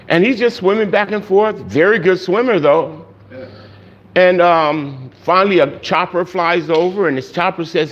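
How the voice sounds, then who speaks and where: A man preaches a sermon by way of a story, voicing each person in it and climbing high and loud at the tense moments. His voice sits on the higher side for a man. The recording is dull and lo-fi. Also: moderate pace. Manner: storytelling, acts out quoted voices, rising loud and high at climaxes. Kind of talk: sermon illustration. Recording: dull lo-fi sound.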